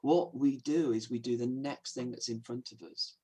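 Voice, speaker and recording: Man, preacher, sermon, husky, earnest, emphatic. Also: medium pitch, normal speed. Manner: earnest, emphatic, with swings between hushed and raised delivery.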